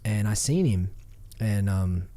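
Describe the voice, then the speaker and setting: Australian man, podcast guest, mellow dark tone, rambling, lots of swearing. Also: on the low side, lively intonation, slow. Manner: rambling storytelling with frequent swearing and restarts. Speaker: podcast guest, former fighter. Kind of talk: casual podcast chat.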